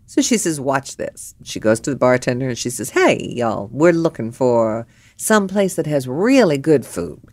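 An older woman telling a personal story in a lively storytelling monologue, acting out the other people's lines with big jumps in her voice. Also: normal speed, hardly any pauses, no room sound. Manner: animated, acts out quotes with big pitch jumps.

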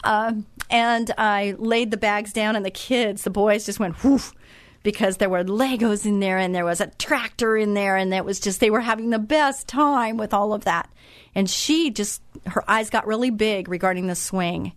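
A woman's voice: medium pitch, normal speed, dry recording, clean studio sound. A middle-aged woman who hosts a faith-based radio show, telling a story in a chatty, enthusiastic way with frequent restarts.

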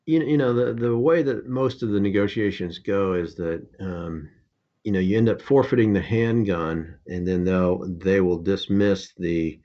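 A man, an attorney guest, explaining cases in a measured conversational way. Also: low voice, warm tone, dull audio. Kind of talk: conversational interview answers.

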